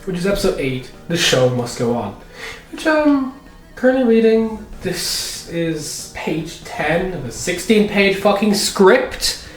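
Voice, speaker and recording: A man giving a casual, profane video review, excitable and prone to sudden outbursts. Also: high voice, slow. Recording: echoey room, far from mic, music behind.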